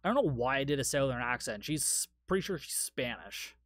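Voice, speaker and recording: A man's voice: medium pitch, animated, moderate pace, fairly bright tone, dry recording. A man hosting a solo podcast, recapping a movie in a casual, rambling, profane way, tired after a long day. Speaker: podcast host.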